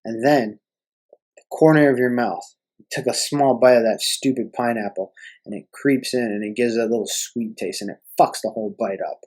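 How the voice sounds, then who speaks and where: A man's voice: mid-range voice, steady tone, moderate pace, a little mellow, husky, low-quality recording. Profane ranting guy. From Canada. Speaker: podcast host. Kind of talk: solo ranting podcast.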